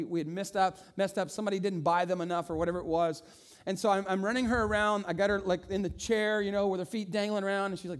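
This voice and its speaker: A man in his forties preaching a sermon, telling stories in an animated way and voicing the people in them. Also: high voice. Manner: animated storytelling with voiced asides. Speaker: pastor.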